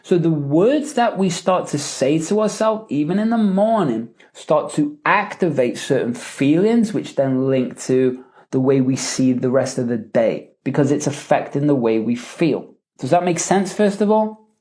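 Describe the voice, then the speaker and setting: A man coaching in a live question-and-answer session, emphatic and animated, often checking in with "right?" and "okay?". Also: a little high, a little slow. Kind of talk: live Q&A teaching.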